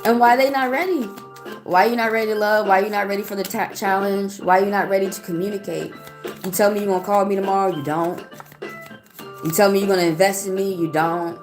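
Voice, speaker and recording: A woman's voice: medium pitch, fairly even intonation, brisk, faint music behind. A woman giving a live-stream tarot reading and answering viewers, talking bluntly and heatedly and swearing often. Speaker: tarot reader.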